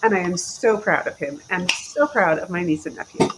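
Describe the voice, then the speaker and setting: Woman, 40s, from the chicago area, animated storyteller, casual interview chat, light background hiss. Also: on the low side, moderate pace. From Chicago area, USA. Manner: lively storyteller who acts out quoted dialogue. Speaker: podcast guest.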